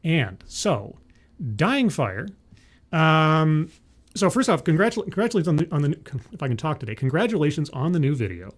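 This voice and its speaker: A man hosting a live-streamed interview show, chatty and energetic, often correcting himself mid-sentence. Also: on the high side, normal speed.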